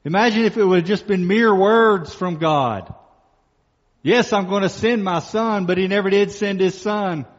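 A male pastor preaching a sermon, emphatic, slowing down and repeating key phrases for stress. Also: high voice. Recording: muffled sound with long reverb in a hall.

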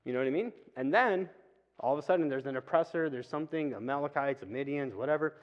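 A man giving a casual, conversational sermon in church, with quick asides. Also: a little high. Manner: chatty, acts out quick asides and voices. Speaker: preacher. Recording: reverberant hall, dull lo-fi sound.

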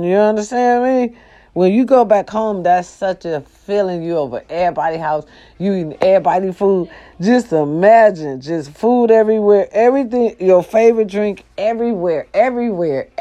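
A woman telling stories casually, animated and profane, who talks straight to her listeners. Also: medium pitch. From American South. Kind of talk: casual storytelling.

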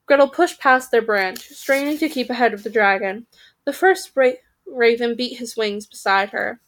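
A woman's voice: a little high, normal speed, a bit bright. A woman reading a children's fantasy story aloud, voicing the characters and stopping to correct her own slips.

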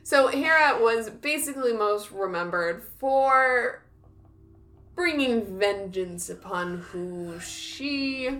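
A woman's voice: medium pitch, fairly bright tone, slight background noise. A woman in casual chat, laughing often and restarting her sentences as she talks. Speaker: podcast co-host.

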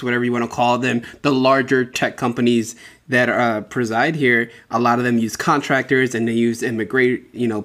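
A man's voice: mid-range voice, a bit bright. A man hosting a casual conversation, speaking thoughtfully with frequent fillers.

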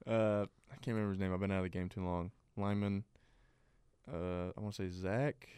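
A man's voice: low voice, steady tone, moderate pace, a little mellow, smooth, no room sound, studio quality. A man co-hosting a sports podcast in casual chat, rambling with lots of fillers. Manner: rambling, filler-heavy, laughs easily. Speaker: podcast co-host.

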